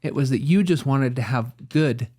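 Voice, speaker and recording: A man's voice: medium pitch, moderate pace, mellow, breathy edge. A man hosting an interview as a therapist, affirming and reframing his guest's thoughts. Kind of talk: supportive interview conversation.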